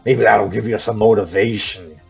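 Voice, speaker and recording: A man's voice: on the low side, fairly even intonation, normal speed, gravelly, a little mellow, slightly rough, faint music behind, exaggerated voice. A man voicing an obese, grumbling homeless man on a bus who whines, wheezes and coughs. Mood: whiny.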